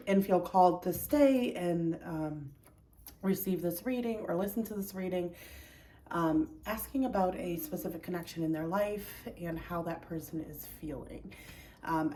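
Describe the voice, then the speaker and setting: A woman hosting a casual pick-a-card tarot video from home, chatty and rambling with many ums, a little out of breath. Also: lowish voice. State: a bit out of breath. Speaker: tarot reader. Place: home, indoors.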